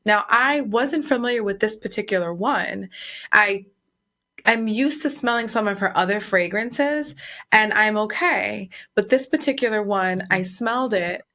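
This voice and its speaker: A woman's voice: mid-range voice, unhurried, bright, forceful tone. A woman co-hosting a podcast, sharing a personal story in a heartfelt, emotional way. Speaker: podcast co-host. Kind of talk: casual chat.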